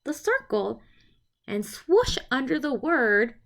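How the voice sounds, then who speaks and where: Woman teacher, instructional presentation; higher voice, unhurried, sounds out each letter deliberately. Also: big pitch swings, vocal fry. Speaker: teacher presenting a literacy lesson.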